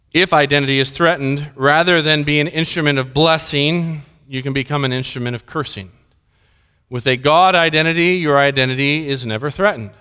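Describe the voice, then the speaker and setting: A man's voice: on the high side, bright, forceful tone, clear, resonant tone. A middle-aged man preaching a sermon, telling stories and acting out the dialogue in them. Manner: storytelling, acts out dialogue in anecdotes. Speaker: pastor. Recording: reverberant hall.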